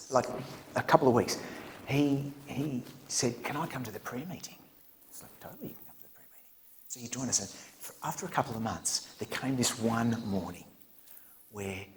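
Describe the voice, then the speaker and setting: A man in middle age delivers a sermon at a church camp in a somewhat low voice. He tells stories with big, excited punchlines, dips into hushed asides, and laughs along with his own jokes. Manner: animated storyteller, laughs at his own jokes, drops to whispers. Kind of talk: storytelling sermon. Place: church camp meeting hall.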